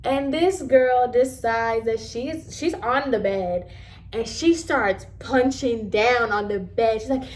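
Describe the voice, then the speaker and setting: A woman in her twenties telling a casual story to camera, animated and emphatic as she acts out scenes. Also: fairly high pitch, slow pace.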